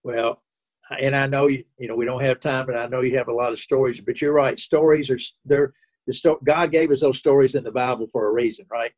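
Apresentador masculino em conversa tranquila. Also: male voice, mid-range voice, fairly even intonation, brisk, darkish tone. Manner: hesitant, short affirmations. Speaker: host. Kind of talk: casual interview chat.

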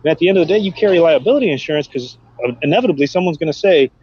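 A middle-aged man and former police officer, chatting on a podcast and telling animated stories about the job. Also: racing, husky, no echo. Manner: animated storytelling, acts out quotes in a high voice. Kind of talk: casual podcast chat. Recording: dull, dry podcast audio.

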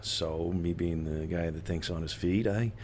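A man's voice: low-pitched, normal speed, darkish tone, a little hiss or hum. A man and former police officer in casual conversation, hesitant with lots of fillers.

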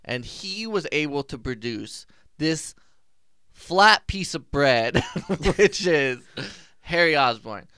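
Casual co-host, male, lively bright voice, dry close sound. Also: fairly high pitch, slow pace, clear, resonant tone, no echo. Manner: animated, laughs often, acts out movie lines. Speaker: movie discussion co-host. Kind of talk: casual chat.

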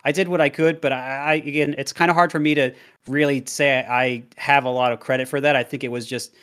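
A man's voice: mid-range voice, fairly even intonation, brisk, a bit bright, smooth. Candid, self-deprecating young man. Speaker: guest, competitive player and streamer. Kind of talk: reflective interview answers.

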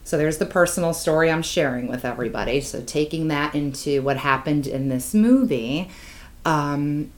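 A woman co-hosting a podcast, telling a painful personal story with raw emotion and plenty of swearing. Her voice drops low and hushed, then climbs loud and heated. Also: normal speed. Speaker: podcast co-host. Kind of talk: candid podcast chat.

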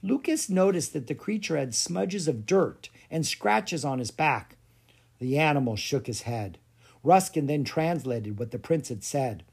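An audiobook narrator reads a storybook expressively, the pitch swooping and lifting throughout. The mid-range voice is soft and breathy, and the pace is measured.

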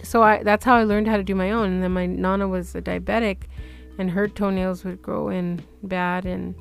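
A woman's voice: medium pitch, moderate pace, creaky. A woman on a casual podcast, telling a story and acting out every line in it with lots of laughter. Faint music plays underneath her. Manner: animated, acts out quotes, laughs through story. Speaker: podcast co-host.

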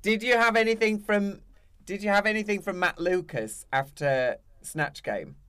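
Chatty male interviewer, slightly high voice. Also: sharp tone, clean tone. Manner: chatty, teasing, fills pauses with "um". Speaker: interviewer host. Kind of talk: casual interview chat.

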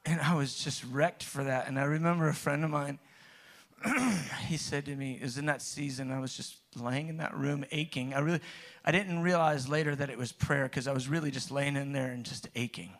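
A man's voice: fairly high pitch, steady tone, brisk, fairly bright tone. Man preaching a personal testimony. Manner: conversational storytelling, trailing restarts, builds to emphatic peaks.

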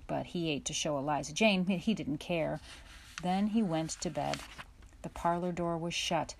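A woman narrating a children's storybook chapter aloud in a steady, measured way. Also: deep voice, gravelly, a little hiss or hum. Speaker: audiobook narrator. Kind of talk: storybook reading.

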